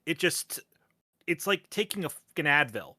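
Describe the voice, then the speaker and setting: A man's voice: on the high side, big pitch swings, moderate pace, sharp tone. A man chatting as a guest on a livestream, wry and teasing with sarcastic asides. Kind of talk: casual livestream chat.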